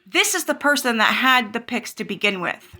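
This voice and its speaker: A woman's voice: fairly high pitch, very animated, moderate pace, bright, forceful tone. A woman hosting her own channel, talking through online drama in a heated, profane way and firing off rhetorical questions. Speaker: commentary channel host.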